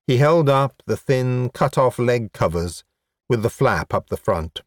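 Slow, wry male audiobook narrator. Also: medium pitch, lively intonation, dry recording, studio quality. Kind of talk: scripted narration.

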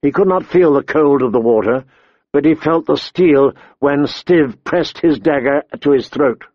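Slow, measured male audiobook narrator. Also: a little high, dry recording. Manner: measured, deliberate storytelling. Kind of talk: scripted fantasy narration. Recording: slightly dull, dry recording.

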